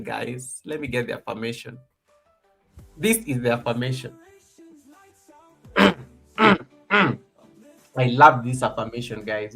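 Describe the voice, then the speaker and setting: A man's voice: mid-range voice, gravelly, sharp tone. A man hosting a live stream in casual chat from an office, teasing and laughing often and making mock threats.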